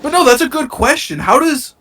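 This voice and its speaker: A man's voice: very high voice, a little fast. A young American man co-hosting a podcast, rambling and swearing in casual chat from his bedroom. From United States. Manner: excitable, rambling, swears a lot. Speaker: podcast co-host.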